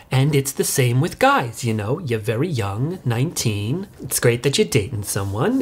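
An actress playing a self-righteous, oblivious middle-aged suburban mother, rambling in a comic monologue of video messages. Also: low-pitched. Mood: chatty.

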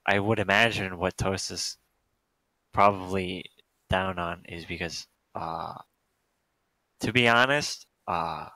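A man's voice: low-pitched, takes it slowly, long pauses, pushed and bright, no room sound, low-quality recording. A man co-hosting a casual review podcast, analytical and hedging with many fillers. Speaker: podcast co-host.

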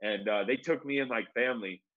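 A man telling a long story in relaxed, casual talk, peppered with "bro". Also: mid-range voice, a little fast, phone-quality sound. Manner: laid-back, says "bro" a lot, acts out quoted voices. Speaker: guest.

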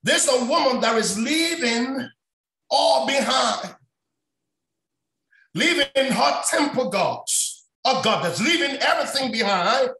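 A man preaching a sermon on a prayer line, shouting often and repeating his phrases. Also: very high voice, animated, slow. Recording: echoey room sound.

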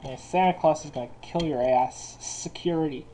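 A man's voice: medium pitch, normal speed, dark tone, soft background music, rough recording. A man giving casual game commentary while he plays, cursing constantly. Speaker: gameplay commentator.

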